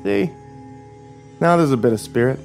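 A cruel middle-aged sheriff from a spoken horror tale, mocking and contemptuous, his drawl sitting noticeably higher than a plain speaking voice, as a man acts him out. Soft music plays far behind him. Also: lively intonation, moderate pace, vocal fry. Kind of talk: horror story narration.

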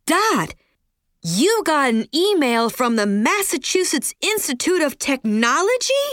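A bold, scheming teenage girl who hams it up loudly, as if reading lines from a bad play, voiced by a woman reading the story. The recording is close and dry. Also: sits high, very animated, measured pace, dry recording, pitched above the performer's own voice, heavily acted. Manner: loud, theatrical.

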